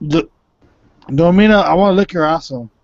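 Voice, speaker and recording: A man's voice: on the high side, a little fast. A man in a casual voice chat, crude and rambling. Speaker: chat participant. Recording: dull lo-fi online voice chat.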